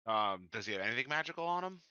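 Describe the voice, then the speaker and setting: A man's voice: medium pitch, very animated, fast talker, pushed and bright, smooth, no room sound, lo-fi sound. A man playing in a tabletop game, talking in an easygoing way. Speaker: player. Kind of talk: casual tabletop play.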